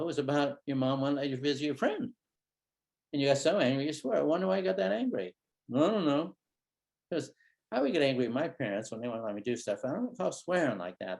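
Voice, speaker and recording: A man giving a conference keynote, acting out talks with a child in a gentle, wondering tone. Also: on the high side, gravelly. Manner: animated, acts out conversations with a child in a gentle, wondering tone. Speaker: keynote speaker, psychologist. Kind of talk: conference lecture with acted-out dialogues. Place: conference hall.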